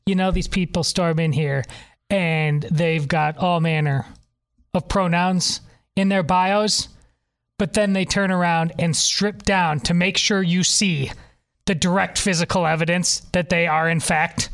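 Wry woman cohost, lowish voice, mocking tone. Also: steady tone, unhurried. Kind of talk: opinionated podcast commentary.

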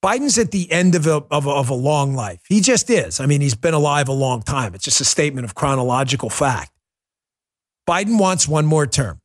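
Male talk show host, high and combative, emphatic delivery. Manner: emphatic, combative, mocks opponents in put-on voices. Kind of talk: fiery political commentary.

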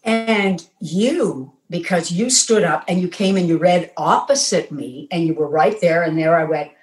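A woman's voice: medium pitch, animated, unhurried, a little mellow, reverberant, rough recording. A woman, a guest actress telling an audition story in an effusive, emotional way, talking from her home kitchen. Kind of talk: casual interview chat.

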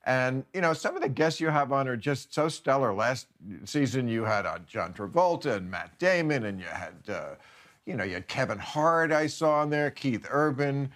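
A man's voice: mid-range voice, expressive, moderate pace, a bit bright. A man hosting a talk show, teasing his guest and laughing often.

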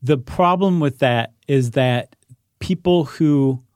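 A man's voice: mid-range voice, slow pace, darkish tone, no room sound, clean studio sound. A man co-hosting a casual podcast, explaining ideas in an easygoing way and thinking aloud with fillers. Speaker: podcast co-host.

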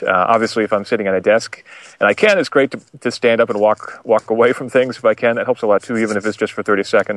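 A man talking calmly and thoughtfully in casual conversation, with frequent fillers. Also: lowish voice. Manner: calm, reflective, many fillers.

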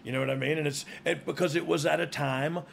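A middle-aged podcast host with a deep, gravelly voice that grinds along his words. He rambles through his stories, laughing as he goes. A faint room hum sits under him. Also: fairly even intonation, fast talker. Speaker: podcast host, former wrestler. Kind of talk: casual chat.

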